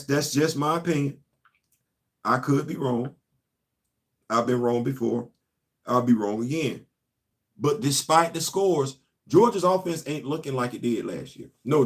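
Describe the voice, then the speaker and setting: A man hosting a casual live-stream show, animated and laughing often as he chats about football. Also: medium pitch, unhurried. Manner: animated, laughing often, Southern colloquial talk. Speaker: show host.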